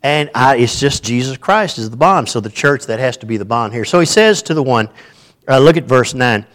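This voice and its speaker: Guy preaching in church, folksy, hyper, jumps around, normal pitch. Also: moderate pace. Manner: folksy, animated, self-described hyper. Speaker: pastor. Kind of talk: informal sermon.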